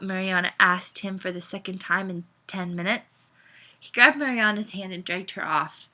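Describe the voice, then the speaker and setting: A woman's voice: mid-range voice, normal speed, pushed and bright. Tipsy, giggly woman reading her own story. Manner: giggly, loose delivery. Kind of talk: reading aloud.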